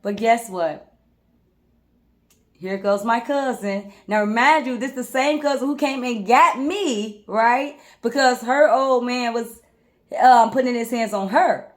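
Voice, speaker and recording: Animated woman telling a story, higher voice. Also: slow pace. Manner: animated, repeats "right?" and "guys", laughs often. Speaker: life coach, channel host. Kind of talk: casual storytelling to camera.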